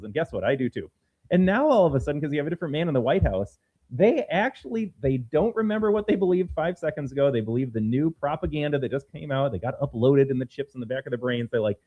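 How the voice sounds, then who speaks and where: A man co-hosting a political podcast, with a fairly high voice and a quick pace. He sounds heated and sarcastic. His audio comes through a slightly dull, lo-fi remote stream. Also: animated. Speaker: podcast co-host. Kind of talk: political commentary chat.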